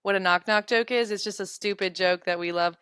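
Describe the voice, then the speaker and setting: A woman's voice: medium pitch, fairly even intonation, fairly quick, a bit bright, clear, resonant tone, no room sound, studio quality. A young woman in her twenties teaching English in a casual live webinar, chatty and giggly as she answers viewer comments.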